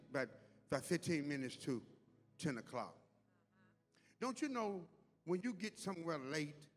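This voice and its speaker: A pastor delivering a sermon in a church, with call-and-response, repeated words and rising intensity. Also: male voice, medium pitch. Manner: call-and-response preaching, repeats words, builds to loud climax. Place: large church hall. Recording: long hall reverb.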